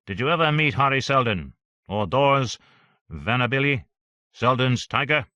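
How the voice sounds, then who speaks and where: A man's voice: medium pitch, expressive, normal speed, dry recording, pitched above the performer's own voice. A man voicing an unctuous, volatile male official in an audiobook, with an oily, pushy delivery. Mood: scheming. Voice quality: oily, swings to shouting. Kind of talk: audiobook character voice.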